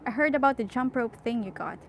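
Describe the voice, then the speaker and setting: A woman's voice: fairly high pitch, a little fast, a little hiss or hum, natural voice. A woman reading aloud and voicing a concerned, defensive teenage boy in a storybook, speaking in an earnest, pleading way.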